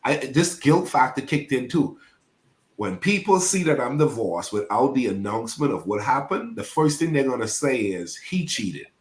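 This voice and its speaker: A man who is a pastor, telling a painful personal story as a podcast guest in an animated, preacher-like way. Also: mid-range voice, moderate pace, echoey room. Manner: animated, preacher-like, acts out quoted voices.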